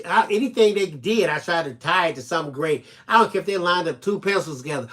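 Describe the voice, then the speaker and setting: A man's voice: on the high side, lively intonation, fast, few pauses, a bit bright. A man hosting a live stream, telling a personal story in casual chat with earnest, preacher-like emphasis. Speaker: live-stream craft show host.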